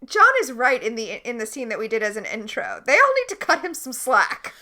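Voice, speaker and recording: A woman co-hosting a casual podcast, recapping a TV episode with enthusiastic, animated storytelling. Her voice is bright and forceful, sitting a bit high. Her pitch swings widely from line to line. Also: brisk. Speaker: podcast co-host.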